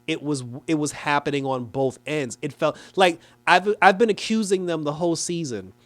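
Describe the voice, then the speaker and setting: A man giving a casual, animated review of a TV episode, talking loosely with lots of "like" and quick laughs. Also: on the high side. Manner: animated, chatty, frequent "like" and laughs; acts out characters in exaggerated quoted voices. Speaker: TV show reviewer.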